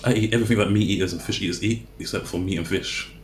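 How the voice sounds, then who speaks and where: A man speaks fast in a low-pitched voice with fairly even intonation, vlogging casually while eating. He rambles, chats, and often corrects himself partway through sentences, and the sound is reverberant with slight background noise.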